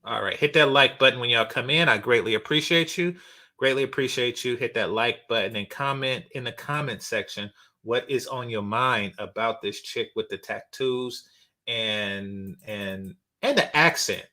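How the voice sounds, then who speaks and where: A man hosts a casual reaction commentary channel, speaking bluntly and rambling with lots of fillers and restarts. His voice is mid-range and sharp in tone, at normal speed.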